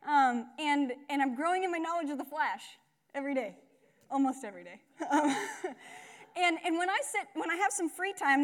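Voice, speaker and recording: A young woman gives a relaxed, chatty sermon, full of fillers, asides and quick self-corrections. Her voice sits high. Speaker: speaker at a church gathering. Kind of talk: casual sermon.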